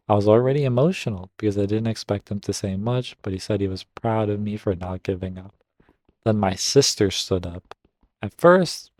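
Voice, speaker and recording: A man with a lowish, mellow voice reads a story post aloud, then stops to cheer it on or react in casual asides. The sound is dry and close, with no room around it. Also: dry recording. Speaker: Reddit story reader and gaming commentator. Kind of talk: reading stories aloud with casual commentary.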